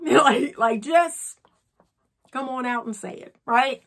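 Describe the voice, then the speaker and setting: A woman's voice: a little high, expressive, unhurried, pushed and bright. Woman, relationship coach, earnest, instructional, "okay?" check-ins. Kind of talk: instructional talk to camera.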